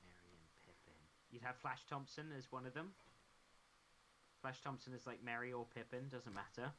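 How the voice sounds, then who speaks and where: A man's voice: medium pitch, pushed and bright, slight background noise, rough recording. A man hosting an art livestream, chatting casually in a giggly, playful way. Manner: giggly, playful, quick to laugh. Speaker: artist and livestream host. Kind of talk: casual joking chat.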